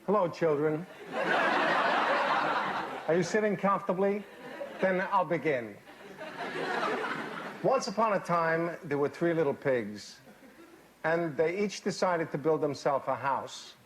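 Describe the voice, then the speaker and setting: A man giving a comic fairy-tale reading to a live audience, deadpan, with odd pauses and dry asides. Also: fairly high pitch, noisy background. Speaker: storyteller. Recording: live stage reading, loud audience laughter.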